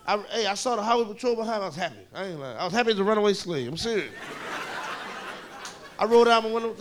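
A man doing stand-up, telling a profane story loudly and acting out the voices of the people in it. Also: high-pitched, rapid-fire, pauses often, slight background noise. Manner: loud animated storytelling, profane, acts out voices. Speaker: stand-up comedian. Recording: live club recording with crowd laughter. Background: audience laughing.

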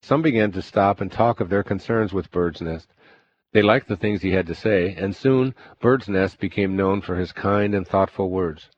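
A man reading a self-help text aloud in slow, deliberate, calm scripted narration. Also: low voice, slight background noise. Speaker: audiobook narrator. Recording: dull lo-fi recording.

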